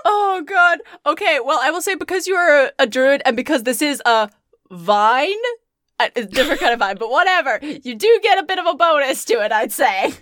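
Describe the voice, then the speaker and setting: A woman hosting and running a comedic tabletop game, telling the story in a lively way and often breaking into laughter. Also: high-pitched, a little fast, no room sound, studio quality. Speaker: host and game master.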